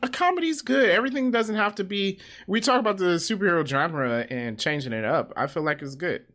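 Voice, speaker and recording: Lively, animated man chatting. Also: high voice, a little fast. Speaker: podcast co-host. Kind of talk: casual chat.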